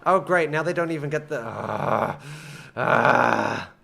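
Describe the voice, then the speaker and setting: A man's voice: a little high, expressive, moderate pace, creaky, fairly bright tone. A young man commenting casually on his own gameplay, muttering to himself and breaking into frustrated outbursts. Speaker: gaming streamer.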